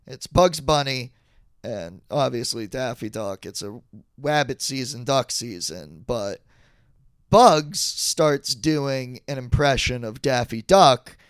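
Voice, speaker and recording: Slow-talking man with a clear, dry voice. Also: mid-range voice, expressive, dry recording. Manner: rambling, goes off into long tangents with bursts of silly impressions. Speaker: podcast co-host. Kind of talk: casual comedic banter.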